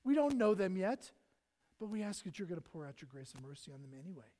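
A man preaching a sermon in earnest, his voice swelling loud and then dropping almost to a hush, acting out prayers and Bible figures as he goes. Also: high-pitched, very animated, fast, background noise. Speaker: pastor.

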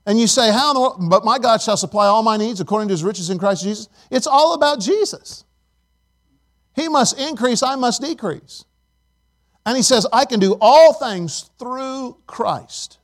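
A middle-aged man preaching a sermon, swinging between loud emphasis and soft, hushed asides. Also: extremely high pitch, lively intonation, normal speed. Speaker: pastor.

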